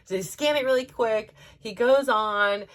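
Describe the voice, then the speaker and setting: A middle-aged woman, a mother and podcast host, telling a story in a casual, animated, rambling way with lots of fillers and restarts. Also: fairly high pitch, a little slow.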